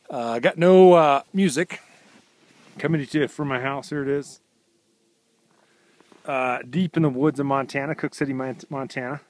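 A relaxed man strolls through snowy woods, filming himself on a handheld camera. He talks in a loose, deadpan, slang-heavy ramble full of "uh" and "just." It sounds like an offhand video diary. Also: mid-range voice, moderate pace, pauses often, dry recording. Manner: laid-back, slangy, deadpan rambling with fillers. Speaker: vlog host. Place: outdoors in snowy woods by his house.

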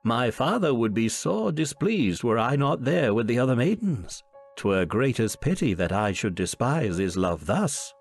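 A man's voice: mid-range voice, very animated, a little slow, faint music behind. A man voicing a young noblewoman in old-fashioned speech. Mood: pleading. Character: young noblewoman, teasing, bold lady.

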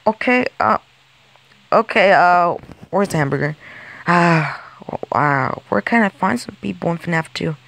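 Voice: mid-range voice, lively intonation, unhurried, creaky, long pauses, fairly bright tone, dry recording. An amateur creator narrating and voicing characters in an improvised game role-play, stammering and repeating words as they go, recorded on a close home mic. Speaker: fan show creator voicing all characters.

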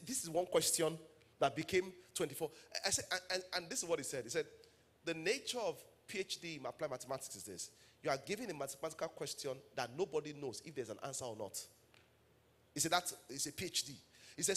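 Preaching to his congregation, a Nigerian-accented pastor tells stories and builds to emphatic calls. His voice is fairly high-pitched and slightly rough.

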